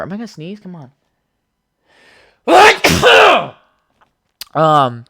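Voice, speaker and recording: A man's voice: a little high, huge pitch swings, slow, pauses often, pushed and bright, dry recording. A young man hosting a podcast, rambling through stories with lots of swearing and frequent laughter. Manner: rambling, profane, laughs often. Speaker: podcast host. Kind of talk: casual solo podcast chat.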